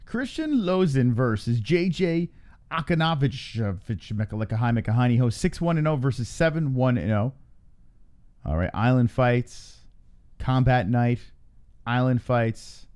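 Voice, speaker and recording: A man hosting a live fight reaction stream, calling the action play-by-play with casual swearing and shouting when a fight ends. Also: mid-range voice. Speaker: host.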